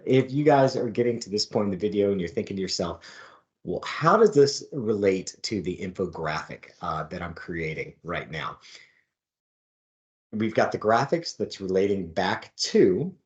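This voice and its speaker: A man talking through a design demo as an instructor, in a relaxed, explanatory way with fillers and light jokes. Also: on the low side. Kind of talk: screen-recorded design demo.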